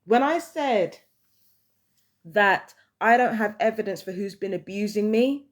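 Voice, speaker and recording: A woman's voice: mid-range voice, expressive, measured pace. A woman, ranting heatedly and with lots of swearing in a casual vlog monologue. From London, England. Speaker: vlogger.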